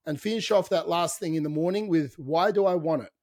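A man co-hosting a fitness podcast in casual chat, talking in an energetic, motivational way and swearing casually. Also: a little high, brisk, dry recording, studio quality. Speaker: podcast co-host, fitness coach.

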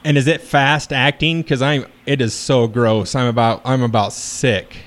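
Deadpan man making a prank call. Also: mid-range voice, moderate pace. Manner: feigning earnest worry, deadpan. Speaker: podcast host.

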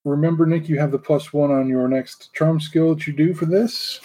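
A man running a tabletop game as game master, talking in a relaxed way with many fillers. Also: a little high, moderate pace.

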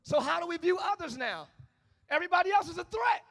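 A male pastor preaching in a church, his voice pitched very high for a man. The tone is bright and forceful. He swings from shouted lines down to low, quiet passages. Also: animated, fast, vocal fry. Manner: preaching with call-outs, shifting between shouting and low tones. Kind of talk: sermon. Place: church sanctuary.

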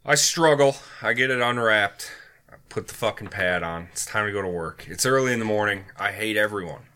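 A man co-hosting a podcast, telling a work story with casual banter in a profane, deadpan way. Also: lowish voice, a little fast, smooth. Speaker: podcast co-host.

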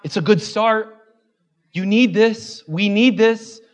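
A man's voice: sits high, slow pace. A man preaching a sermon as a pastor in a church, mixing joking asides with impassioned, repeated refrains.

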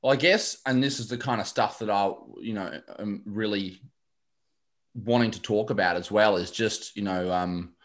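A man's voice: on the low side, moderate pace. A man, a confidence coach chatting casually as a podcast guest, rambling with many fillers and restarts.

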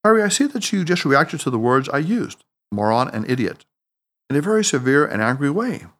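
A man's voice: sits high, a little fast, pitched above the performer's own voice, exaggerated voice. A man doing a mischievous old martial arts sage. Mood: soothing. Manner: teasing, then soothing and calm. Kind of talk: audiobook character voice.

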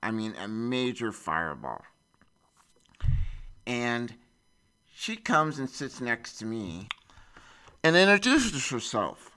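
Guy in his 40s telling a story, bouncy lively pitch, really sharp bright tone, keeps restarting words. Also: takes it slowly, long pauses, clean tone. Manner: animated retelling with many repeats and restarts. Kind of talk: personal storytelling.

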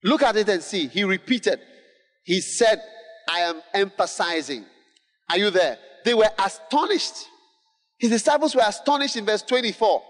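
Man, high-pitched, preaching with fervour, repeats and shouts, echoing hall. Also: lively intonation, normal speed, faint music behind. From Ghana. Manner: emphatic, repetitive, building to shouts, call-and-response. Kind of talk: sermon. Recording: long hall reverb.

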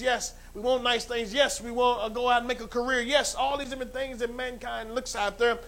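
Male pastor, New York accent, high voice; sermon that swells from soft asides to loud fervent calls, repetitive, filler-heavy. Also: level tone, brisk, few pauses. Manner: rises from low conversational asides to loud fervent exhortation; repeats phrases and stumbles with fillers.

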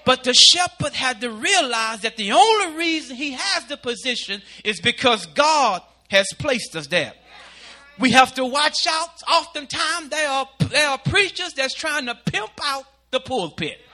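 A male pastor preaching a sermon, building into shouted, sing-song delivery. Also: very high-pitched, expressive, measured pace.

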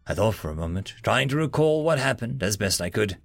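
A man narrating a story in the first person in an expressive, dramatic way. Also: lowish voice, brisk, vocal fry, dry recording, faint music behind. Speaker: audiobook narrator.

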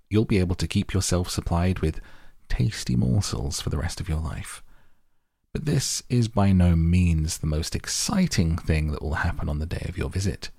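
A man's voice: sits low, gravelly, darkish tone, breathy edge, no echo, clean studio sound, heavily acted. A man voicing a flamboyant chocolate-maker reading out a letter in a grand, ceremonious manner.

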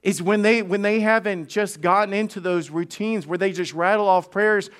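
A man's voice: high voice, moderate pace, fairly bright tone, smooth. A male pastor preaching a sermon in a conversational, humorous way, often restarting and repeating words. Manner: conversational, frequent restarts and repetitions; humorous storytelling.

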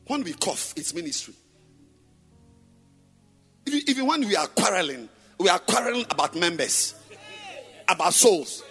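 High, lively pastor preaching. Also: male voice, moderate pace, pauses often, breathy edge, faint music behind. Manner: emphatic, swings between loud chanting and low murmurs; rhetorical, repeats questions at the congregation. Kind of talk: sermon. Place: church. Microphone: microphone.

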